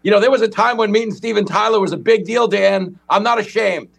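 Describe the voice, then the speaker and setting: High gravelly wisecracking man. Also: fairly quick. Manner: sarcastic deadpan jokes. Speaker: comedian guest. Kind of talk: riffing comedic banter.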